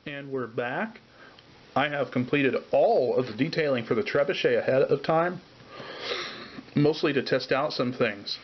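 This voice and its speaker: A man hosting a casual miniature painting tutorial, talking in a relaxed way while he works and sometimes trailing off mid-thought. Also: medium pitch. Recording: dull lo-fi sound with faint hiss.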